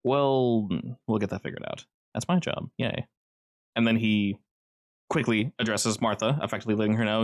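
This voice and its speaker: A man's voice: on the low side, moderate pace. A man narrating as game master, casual and loose, with lots of fillers.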